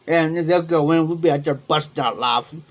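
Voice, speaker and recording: A man's voice: a little high, normal speed. A man from Ohio hosting a livestream, telling rambling folksy stories full of slang and chuckling as he goes. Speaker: livestream host. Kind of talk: casual storytelling chat. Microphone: streaming setup microphone.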